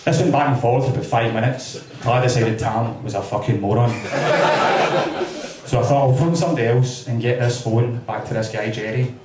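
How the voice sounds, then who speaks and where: A man's voice: medium pitch, a little fast. A Scottish man doing a stand-up routine, chatty and checking in with the crowd. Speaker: stand-up comedian. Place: comedy club stage. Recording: roomy club sound from far off.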